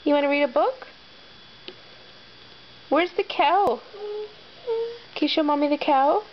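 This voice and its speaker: A woman's voice: high voice, measured pace, pauses often, highs cut off, slight background noise. A mother reading a picture book to her toddler in a sing-song, coaxing baby-talk voice.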